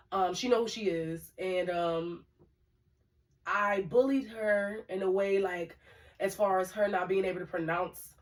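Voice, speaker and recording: A woman co-hosting a casual talk show, telling stories with lots of fillers and asides to the listeners. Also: mid-range voice. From Brooklyn, New York. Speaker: podcast co-host. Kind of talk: casual storytelling chat. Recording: voice a bit far from the mic.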